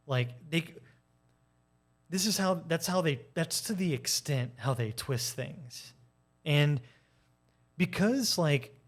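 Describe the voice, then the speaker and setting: A video essayist delivers a candid, animated personal monologue in a casual tone, acting out arguments with shifting voices and occasionally swearing. He speaks at medium pitch.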